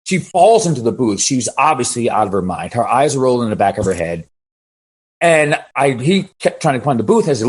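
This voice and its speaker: A man who works as a DJ, telling an animated story and asking for advice on a video call, with halting restarts. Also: medium pitch, husky. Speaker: DJ asking a question.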